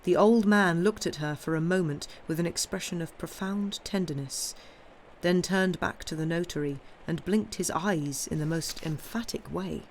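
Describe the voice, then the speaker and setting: A woman reading a classic novel aloud on a live stream, with measured, steady narration. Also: lowish voice, a little hiss or hum. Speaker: reader.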